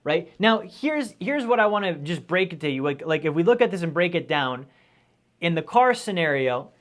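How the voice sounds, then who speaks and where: A man with a fairly high voice gives a live-streamed lecture on personal finance. He is energetic and conversational, and he keeps checking in with "right?" as he explains. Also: normal speed. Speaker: finance educator.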